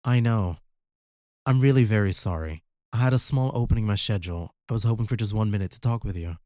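A man's voice: fairly low pitch, fast, mellow, dry recording, studio quality, close to an everyday voice. A man voicing an earnest armored male hero who presses a therapist for time, in an audiobook. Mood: pleading.

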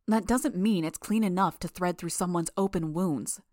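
A woman's voice: on the low side, normal speed, a little mellow, no echo, studio quality, lightly acted. A woman voicing a stern, disapproving clinic doctor in her fifties, speaking curtly in an audiobook reading. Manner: curt, disapproving.

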